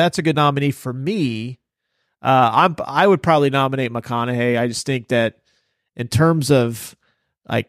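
Recorded dry with studio quality, a podcast host with a mid-range voice rambles casually about a movie. He swears freely and leans on lots of filler words.

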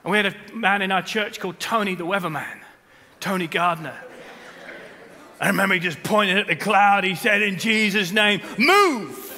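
A man, preaching a sermon and telling stories with loud bursts and hushed asides. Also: high voice, normal speed, in a large hall. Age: 40s. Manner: animated storytelling, swings between loud bursts and hushed asides. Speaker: pastor. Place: large church hall.

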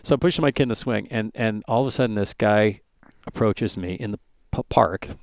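A man in his forties from the United States tells racing stories as a podcast guest, with a low, gravelly voice full of vocal fry. He talks in a casual, animated way and slips into the voices of the people he quotes. The sound is dry and close, with no room echo. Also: a little fast. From United States (San Francisco). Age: 40s. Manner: animated storyteller who acts out quoted voices. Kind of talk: casual storytelling interview.

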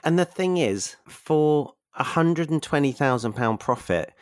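A man's voice: on the high side, animated, unhurried, dry recording, studio quality. A man hosting a casual interview, enthusiastic and effusive, repeating his praise. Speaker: podcast host.

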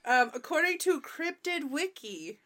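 A woman's voice: high voice, lively intonation, a little slow, sharp tone. A woman co-hosting a casual comedy podcast, giggling often and making bawdy jokes as she reads from notes and trips over her words. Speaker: podcast co-host.

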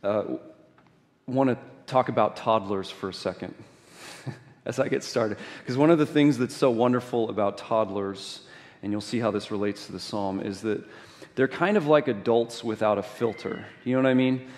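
A middle-aged man preaches in a relaxed, conversational way, building stories and throwing rhetorical questions at the congregation. His voice sits in an ordinary middle pitch. The sound rings with the long reverb of a large church hall. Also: normal speed. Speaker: pastor. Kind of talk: sermon.

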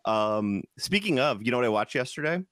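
A man's voice: medium pitch, animated, fairly quick, a bit bright, no room sound, studio quality. A man from Chicago co-hosting a casual podcast chat, rambling with lots of restarts and fillers. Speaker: podcast co-host.

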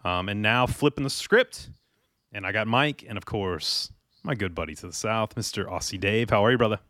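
A man's voice: on the low side, moderate pace, sharp tone, no echo, studio quality. A man hosting a podcast, talking in a friendly, rambling way and often quoting himself. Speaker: podcast host. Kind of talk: casual podcast chat.

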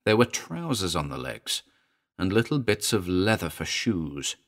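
A man narrating a short horror story in a dramatic reading, moving between hushed and urgent delivery. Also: sits low, very animated, measured pace.

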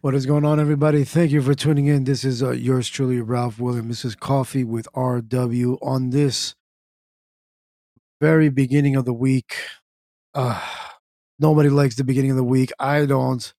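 A man hosting his own podcast in a loose, chatty way, with fillers and some throat clearing. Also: medium pitch, mellow, no room sound, clean studio sound. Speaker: podcast host. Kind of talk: casual solo podcast talk.

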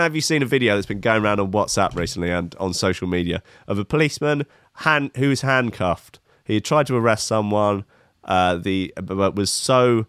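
A man's voice: fairly low pitch, fairly bright tone, dry recording, studio quality. A man giving comic, profane reaction commentary on a video clip, sarcastic and rambling.

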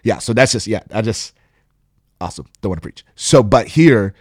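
Pastor co-host, man, low voice, dry close sound, thoughtful and reflective. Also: expressive, normal speed, no echo. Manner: reflective, thoughtful, speaks in abstract terms. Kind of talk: casual Bible discussion.

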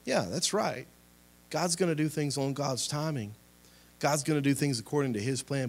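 A man's voice: fairly high pitch, expressive, moderate pace. A young man preaching a sermon and leading a closing prayer, impassioned, swelling and dropping in volume with repeated exhortations. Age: young adult. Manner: impassioned, rising and falling in volume, repetitive exhortations.

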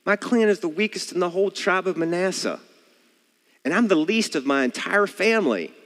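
A man's voice: high-pitched, expressive, normal speed, a bit bright, big-room sound, voice pushed up. A man reading as a doubting young farmer. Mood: pleading. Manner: earnest, pleading questions. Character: doubting young male farmer, plaintive and questioning. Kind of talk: scripture reading in a sermon.

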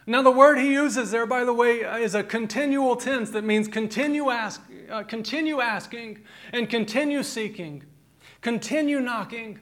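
A man in his thirties delivers a sermon in a notably high voice. He talks with animation, swinging from quiet, low asides to loud, emphatic peaks. He also weaves in humorous stories from family life. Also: normal speed. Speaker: pastor.

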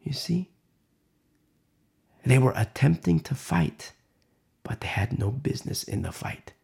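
A man preaching a sermon, swinging from loud emphatic lines to hushed whispers. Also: on the low side, animated, normal speed, creaky, slightly rough. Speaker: pastor.

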